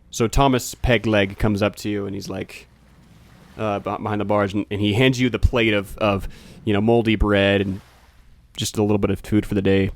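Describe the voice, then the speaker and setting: A man's voice: lowish voice, little pitch movement, normal speed. A man narrating as game master for a tabletop game, rambling and correcting himself with lots of fillers.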